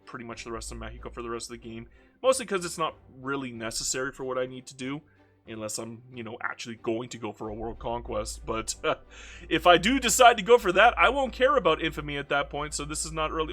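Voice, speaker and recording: Game commentator, man with a regional American accent, forceful and self-mocking, faint music bed. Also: mid-range voice, a little fast. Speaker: video game streamer. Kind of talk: casual gameplay commentary.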